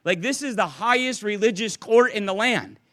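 A man's voice: high-pitched, moderate pace. A man, a pastor, preaching a verse-by-verse evening sermon in an earnest, conversational way. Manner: conversational, earnest, animated with restarts.

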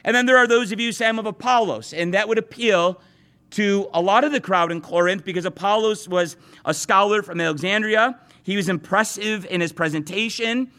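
A male pastor with a high, bright, forceful voice preaches fairly quickly, speaking straight to his congregation. He's earnest and often restarts or repeats words mid-thought.

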